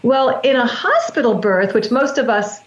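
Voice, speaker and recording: Woman, breath work coach, interview guest, earnest teaching talk, somewhat high voice, dull lo-fi sound. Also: big pitch swings, moderate pace, roomy sound. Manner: earnest, teaching, many restarts.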